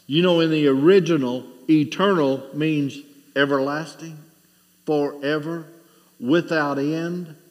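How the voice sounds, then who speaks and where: A man's voice: fairly high pitch, unhurried, big-room sound. A middle-aged man preaching a sermon, asking rhetorical questions and telling a story with rising and falling intensity.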